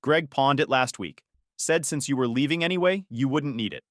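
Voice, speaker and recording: A man's voice: mid-range voice, lively intonation, moderate pace, no room sound, clean studio sound, close to an everyday voice. A man voicing a cruel teenage stepsister who taunts and mocks. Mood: mocking. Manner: taunting, smirking.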